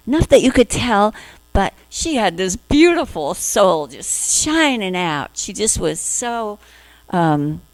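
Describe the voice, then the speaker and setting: A woman minister giving a spiritual talk to her congregation, gentle, acting out inner voices in little quoted asides. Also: medium pitch, no echo, poor audio.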